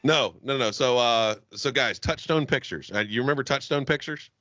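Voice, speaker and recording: A Southern US man co-hosts a podcast, chatting casually with profanity, jokes and frequent laughter. His voice is medium-pitched and sharp in tone at a normal speed, though the audio is dull.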